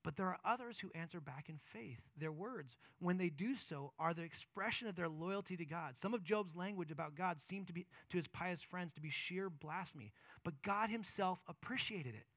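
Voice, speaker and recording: A male pastor preaching a sermon with impassioned emphasis, moving between loud urgent passages and quieter reflective ones. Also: high-pitched, normal speed, no echo.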